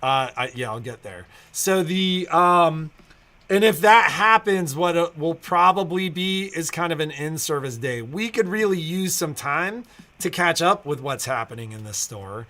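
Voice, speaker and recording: A middle-aged man chats on a casual livestream, giving store news in a rambling way and restarting his sentences with "so, um." His voice sits a little high for a man and rings bright and forward. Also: expressive, measured pace. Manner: rambling, restarts with many "so, um" fillers. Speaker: store co-owner hosting a livestream.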